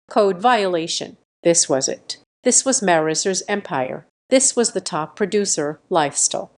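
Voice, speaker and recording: A woman narrating a first-person revenge story with an intense, clipped dramatic delivery. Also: mid-range voice.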